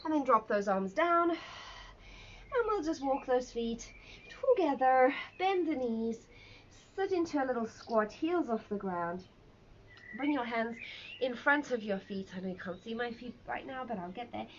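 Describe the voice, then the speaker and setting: A woman's voice: fairly high pitch, lively intonation, a little slow. A woman teaching a live online pilates class, giving friendly, encouraging movement cues with chatty asides. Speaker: pilates instructor. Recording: slightly dull sound with faint ambient noise.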